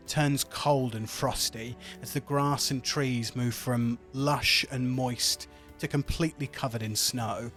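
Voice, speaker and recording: A man narrating scenery as game master of a tabletop game, laid-back and chatty. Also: mid-range voice.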